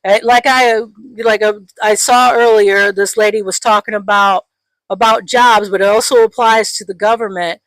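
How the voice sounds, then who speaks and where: A woman's voice: mid-range voice, fairly even intonation, moderate pace, a bit bright, dry recording. Gen x lady ranting on a podcast, swears a lot, mocks people in silly voices, dry room. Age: 40s or 50s. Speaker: podcast co-host. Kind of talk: casual political chat.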